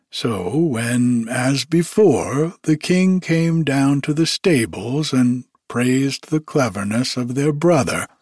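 A man reading a fairy tale aloud as narrator in a slow, measured storybook style. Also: mid-range voice, slightly rough, dry recording, studio quality.

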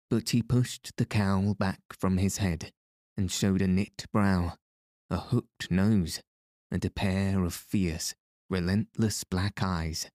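A man narrates an old-fashioned tale in a measured, even way. His voice is very low and dark, the pace slow, and the recording dry and close. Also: dry recording. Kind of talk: scripted storybook narration.

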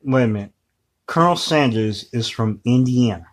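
A man co-hosting a podcast in casual chat, making wry deadpan jokes. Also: mid-range voice, moderate pace. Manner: joking, wry, deadpan asides. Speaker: podcast co-host.

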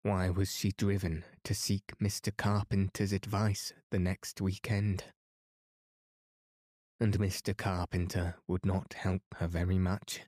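A man reads a novel aloud as a bedtime story in a calm, soothing way. His voice is low and flat, and he speaks slowly. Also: no echo, studio quality. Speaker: podcast narrator.

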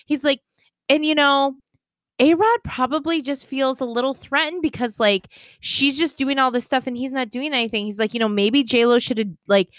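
A woman co-hosting a casual podcast chat, telling an animated story and swearing with indignation. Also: sits high, normal speed, no room sound. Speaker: podcast co-host.

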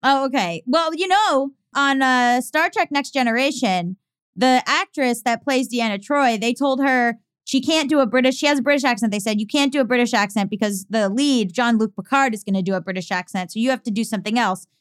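Chatty young woman, smooth high voice, dry close mic. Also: fairly quick, no room sound. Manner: chatty and animated, trivia-loving. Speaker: podcast co-host. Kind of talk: casual chat.

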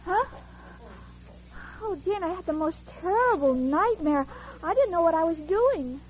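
A woman's voice: very high voice, animated, unhurried, heavy background noise. An actress playing a dizzy, naive young woman in 1940s radio comedy, with a wide-eyed, scatterbrained way of talking. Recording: dull old radio broadcast recording.

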